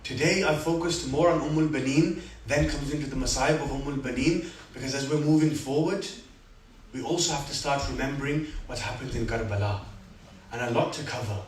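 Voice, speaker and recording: A man's voice: medium pitch, brisk. Man preaching in an echoey hall. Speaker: speaker at a religious gathering. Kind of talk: sermon. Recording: echoey hall, speaker far from mic, faint room noise.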